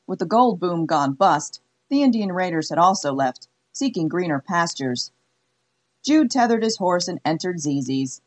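Woman narrating an audiobook, lowish voice. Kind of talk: scripted narration.

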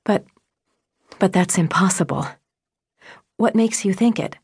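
A woman voicing a frantic mother who questions her teenage daughter in a low, urgent, pleading voice. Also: measured pace, a little mellow, slightly rough, no echo. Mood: alarmed.

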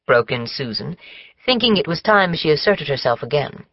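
A woman narrating an audiobook in a measured, even storytelling manner. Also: low-pitched, breathy edge, no echo, lo-fi sound. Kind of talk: scripted narration.

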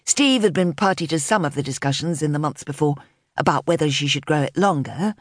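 An audiobook narrator reads a contemporary novel as scripted narration, her voice steady, measured, and low for a woman. The recording is close and dry, with no room sound or echo.

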